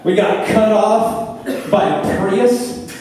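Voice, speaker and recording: A man's voice: sits high, slow pace, a little mellow. A man doing a laid-back stand-up set on a club stage, swearing casually as he talks. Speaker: stand-up comedian. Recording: echoey club from far off.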